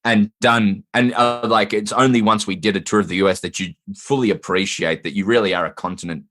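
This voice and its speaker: A man's voice: lowish voice, steady tone, brisk, a bit bright, soft background music. A man from Australia, a guest from a comedy group, talking loosely and thoughtfully in casual chat.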